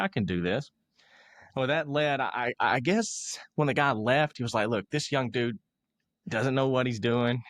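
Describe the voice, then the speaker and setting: A young man tells a story on an interview podcast. He mocks himself and laughs at his own mistakes while he acts out the other people in it. His voice sits at a middle pitch and sounds dry and close. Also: fairly bright tone, no room sound. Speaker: motivational speaker, podcast guest.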